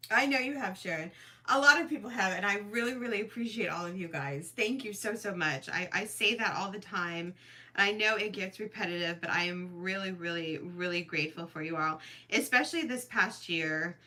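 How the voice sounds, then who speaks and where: A woman's voice: medium pitch, brisk, pushed and bright. A middle-aged woman hosting a crochet livestream, chatting casually and emotionally, thanking viewers by name. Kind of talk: casual live-stream chat.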